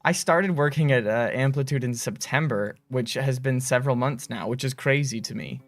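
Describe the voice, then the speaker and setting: A man hosting a game studio's livestream, telling stories in a rambling, animated way on a close mic. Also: medium pitch, normal speed, no echo. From United States. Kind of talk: casual livestream chat.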